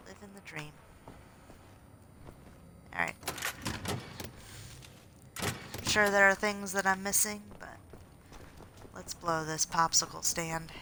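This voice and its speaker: A woman in her twenties streaming a first playthrough of a game, chatting casually and muttering quietly to herself. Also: fairly low pitch, steady tone, slow pace, pauses often, slight background noise, poor audio. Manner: soft-spoken, muttering to herself. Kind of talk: casual gameplay commentary.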